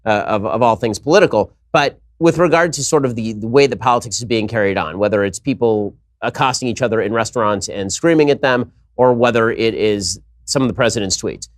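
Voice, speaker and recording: A man hosting a political discussion, making his case in quick, argumentative bursts. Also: fairly low pitch, no room sound, clean studio sound. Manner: rapid, argumentative.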